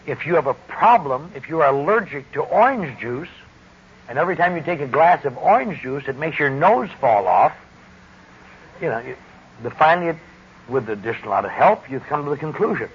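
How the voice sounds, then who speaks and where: A middle-aged man speaking deliberately and wryly, giving a personal testimony talk about recovery. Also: fairly high pitch, animated. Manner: deliberate, wry, emphatic speaking. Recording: dull lo-fi recording with faint hiss.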